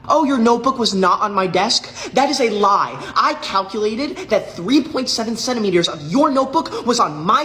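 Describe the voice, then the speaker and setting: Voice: mid-range voice, a bit bright, slight background noise, close to an everyday voice. A performer playing a prissy, self-righteous schoolkid who is always telling on classmates. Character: smug tattletale know-it-all schoolkid, teacher's pet. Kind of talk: comedy skit acting.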